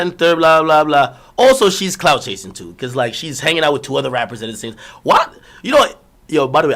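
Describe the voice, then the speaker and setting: A man's voice: a little high, a bit bright. A young man streaming, telling a long personal story in a rambling, profane, slang-heavy casual way.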